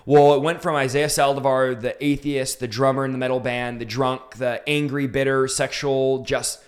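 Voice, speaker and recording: A man in his thirties recounts his conversion in an interview with fervent, emphatic conviction. His mid-pitched voice rises to intense peaks. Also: level tone, moderate pace. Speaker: preacher telling his testimony. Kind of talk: impassioned storytelling in an interview.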